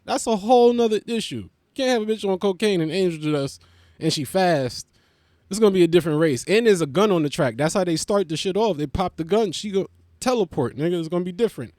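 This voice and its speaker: A man with a slightly higher voice rambles through comic stories, cursing freely and slipping into quick put-on voices for the jokes. The sound is dry and close, with no room around it. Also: expressive, darkish tone, no echo. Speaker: comedian host. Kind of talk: comedic monologue.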